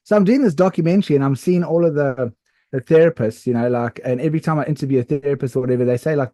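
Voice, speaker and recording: A man co-hosting a podcast, telling a story in a rambling, animated way with lots of fillers and restarts. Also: mid-range voice, rapid-fire, no room sound. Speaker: podcast co-host. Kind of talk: casual storytelling chat.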